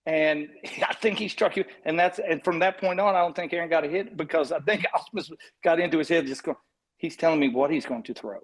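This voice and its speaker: A man in his fifties, a guest on a podcast, telling relaxed anecdotes in casual chat. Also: a little high, a little fast, rough recording. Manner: relaxed anecdotal storytelling with laughs. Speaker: guest, retired baseball pitcher.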